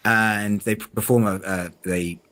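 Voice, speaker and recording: A man's voice: fairly low pitch, steady tone, unhurried, a bit bright. A man co-hosting a podcast in casual conversation, often restarting his sentences and tagging them with "right?". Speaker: podcast co-host.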